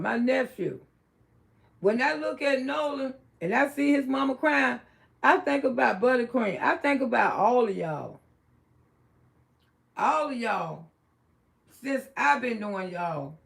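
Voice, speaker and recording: A middle-aged woman with a Southern US accent, hosting a casual livestream and talking bluntly, dropping low and then rising to loud exclaims. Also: gravelly. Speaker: livestream host.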